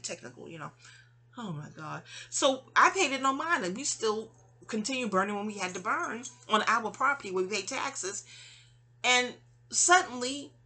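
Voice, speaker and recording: A woman telling a long rambling story in a casual monologue, interrupting herself and acting out quick quoted asides. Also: medium pitch, bright, forceful tone, husky. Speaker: channel host venting about neighbors. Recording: audio-only home recording.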